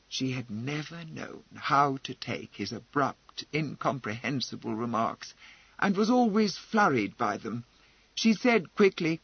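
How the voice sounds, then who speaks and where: Male audiobook narrator, measured, husky, lively pitch, dull dry recording. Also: no room sound. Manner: measured, expressive storytelling. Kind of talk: scripted narration.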